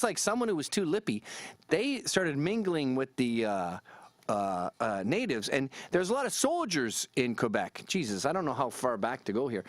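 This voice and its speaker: Give me a jokey, irreverent man vlogging, with a lively, animated voice. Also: a little high, dry recording. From Canada. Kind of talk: casual commentary to camera.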